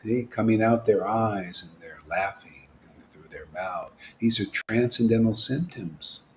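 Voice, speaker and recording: Animated man preaching, hushed to loud. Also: on the low side, a little slow, slight background noise. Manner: asks rhetorical questions, laughs at his own jokes. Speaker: spiritual teacher. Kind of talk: informal devotional sermon.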